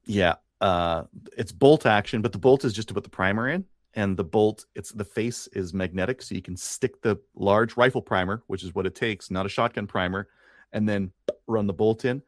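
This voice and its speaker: The clip features a podcast co-host from Canada in loose, casual conversation, wandering along with fillers and false starts. His pitch is on the low side and his speed normal, with a dry, studio-grade recording.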